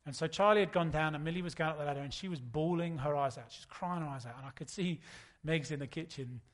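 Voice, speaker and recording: A man, preaching a sermon in a relaxed, storytelling way. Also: a little high, fast talker. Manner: conversational, anecdotal preaching. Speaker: pastor.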